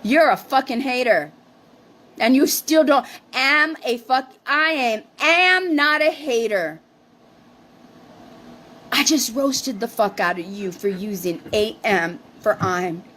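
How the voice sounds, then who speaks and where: A woman's voice: on the high side, slow pace, bright, forceful tone, a little hiss or hum. A woman co-hosting a livestream, ranting defensively and swearing, with Spanish phrases mixed in. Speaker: livestream co-host. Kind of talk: heated casual rant.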